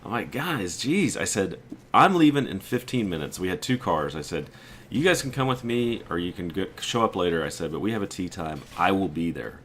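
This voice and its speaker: A man's voice: deep voice, big pitch swings, fairly quick, fairly bright tone, slight background noise. A man casually telling a story about a weekend trip, quoting his friends and sounding exasperated. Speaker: gaming video creator.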